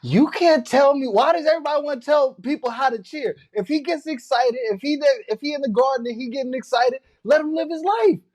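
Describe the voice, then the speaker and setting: A man's voice: extremely high pitch, lively intonation, a little fast, few pauses, a little mellow. Hyped young man teasing his co-host. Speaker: podcast co-host. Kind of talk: casual sports talk.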